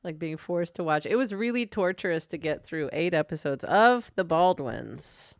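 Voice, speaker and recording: A woman co-hosting a casual TV talk podcast, chatty and quick to laugh. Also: fairly low pitch, animated, no echo, clean studio sound. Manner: giggly, chatty, laughs often. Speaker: podcast co-host. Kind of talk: casual chat.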